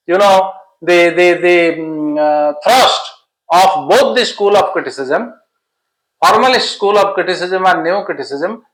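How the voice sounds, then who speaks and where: During an exam-prep lesson on literature, a high-pitched man with a slightly bright voice patiently explains things, repeating himself and listing synonyms. It's a low-quality recording in an echoey room.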